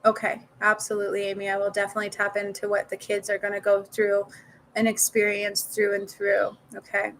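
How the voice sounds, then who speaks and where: A woman's voice: medium pitch, completely flat delivery, a little fast, a bit bright, a little hiss or hum, poor audio. A woman talking casually to viewers in a live stream as a spiritual healer, swearing now and then and repeating words for emphasis.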